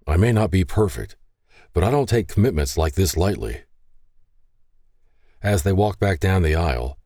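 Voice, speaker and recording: A man's voice: low voice, a little mellow, no room sound, studio quality. A man narrating an audiobook expressively, giving the characters their own voices.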